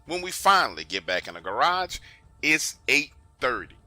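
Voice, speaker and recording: A man's voice: mid-range voice, big pitch swings, moderate pace, bright, forceful tone, no room sound, soft background music. A man narrating a true story in an emphatic, conversational way, often urging the listener to pay attention.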